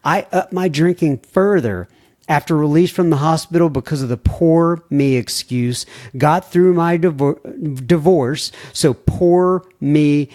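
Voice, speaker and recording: Brief: middle-aged man, podcast host, folksy and friendly, slightly higher voice. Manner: folksy, warm-hearted asides. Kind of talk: reading listener emails aloud.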